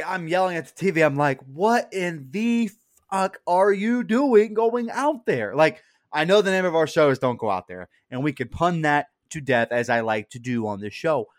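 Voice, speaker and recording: A man co-hosting a podcast, reviewing a horror movie in casual chat, animated and swearing often. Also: fairly high pitch, a little fast, no echo, studio quality. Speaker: podcast co-host.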